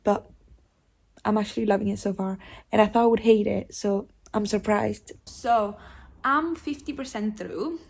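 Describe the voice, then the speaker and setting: A young woman in her twenties chatting casually about books she is reading, animated and openly emotional. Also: mid-range voice, moderate pace, creaky. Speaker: book vlogger. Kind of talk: casual chat.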